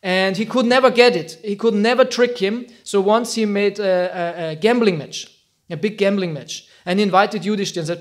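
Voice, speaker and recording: A man tells an old epic story to a small group, loose and informal. He acts out the quotes and laughs often. His voice sits high. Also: moderate pace. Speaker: teacher giving a talk.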